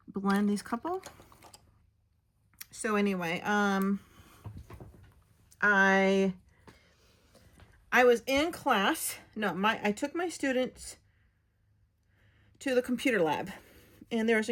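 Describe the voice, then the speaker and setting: Chatty woman telling a rambling story. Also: medium pitch. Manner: animated, rambling anecdote with many fillers and acted-out quotes; drops to a whisper for asides while working. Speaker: coloring channel host. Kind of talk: chatty storytelling while coloring.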